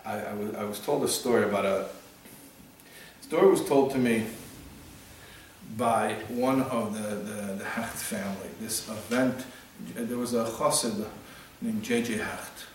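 A man's voice: on the low side, a little slow, long pauses. A man giving a storytelling sermon as a religious teacher. He talks earnestly, often repeats and restarts words, and mixes in Hebrew and Yiddish terms. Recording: very echoey room, distant mic, faint noise.

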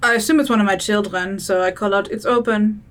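A woman taking part in a tabletop game, describing her actions and asking questions in plain speech. Her voice sits at a middle pitch. She checks details with the game master before she acts. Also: fast talker, fairly bright tone. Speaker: player.

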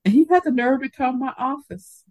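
Her voice high-pitched and brisk, an older woman co-hosting a casual podcast acts out the people in a story from her working life, telling it with lively animation. The recording is low-quality.

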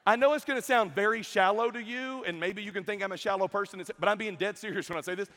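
A young adult man giving a comedic youth sermon, telling stories in an animated way and mimicking the people in them. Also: high voice, fast. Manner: animated storytelling with mimicked voices. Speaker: youth camp speaker. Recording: long hall reverb.

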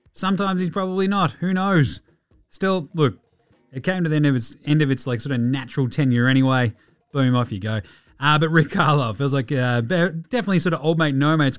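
A man's voice: fairly high pitch, a bit bright, clean tone. Sweary Australian man ranting. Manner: ranting, profane, mocking. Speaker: podcast host. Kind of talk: casual sports commentary.

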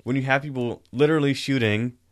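A man co-hosting a podcast, chatting casually about a film in an animated, rambling way that corrects itself. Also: mid-range voice, fairly quick. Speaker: podcast co-host. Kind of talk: casual movie review chat.

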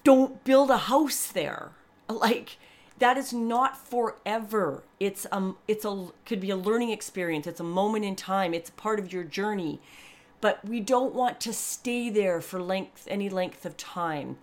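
Her podcast talk is a candid personal monologue, chatty and rambling with plenty of asides and restarts. The host sounds warmly earnest and grateful, speaking at a measured pace with a medium-pitched voice.

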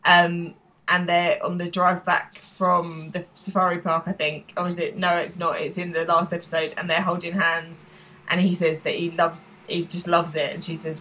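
A woman's voice: on the low side, little pitch movement, moderate pace, a bit bright, slight background noise, rough recording. A married woman co-hosting a podcast, chatting casually and animatedly, laughing and swearing now and then. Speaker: podcast co-host. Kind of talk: casual chat.

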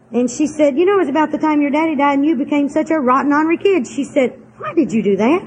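High-voiced older woman telling her story. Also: lively intonation, fast, few pauses, darkish tone, slight background noise, poor audio. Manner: candid storytelling, homespun and frank. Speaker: twelve-step speaker. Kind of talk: personal recovery talk.

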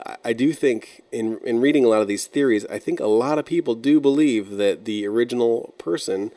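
A man narrating an internet-mystery video in a measured, explanatory and slightly wry way. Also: mid-range voice, mellow. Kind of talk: scripted narration.

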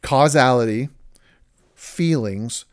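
A man's voice: mid-range voice, slow. A man who works as a counselor, explaining ideas in a conversation and acting out quoted voices as he talks. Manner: animated storytelling, acts out quoted voices.

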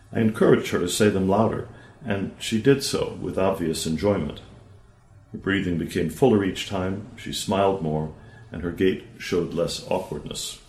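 A man, a therapist, reading a case study aloud in a measured, calm storytelling manner and voicing the dialogue he quotes. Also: low-pitched, roomy sound, rough recording.

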